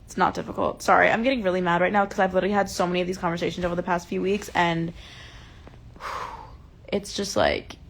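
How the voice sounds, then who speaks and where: A woman's voice: fairly low pitch, expressive, brisk, gravelly. A woman hosting a casual livestream chat, talking heatedly and emphatically and swearing often, into a phone held close. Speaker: livestream host.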